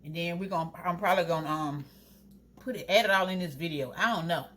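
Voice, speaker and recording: A young woman in braces chatting casually to her viewers while she cooks at home, talking straight to them with drawn-out asides. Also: lowish voice, fairly bright tone, a little hiss or hum. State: wearing new braces, teeth clanging. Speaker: vlogger. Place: home kitchen. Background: food sizzling in a pan.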